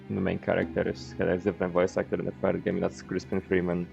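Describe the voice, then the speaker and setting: Man, deep voice, very gravelly, casual gameplay commentary, rambling, swears offhand. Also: completely flat delivery, quick pace, few pauses, darkish tone, highs cut off, faint music behind. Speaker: streamer.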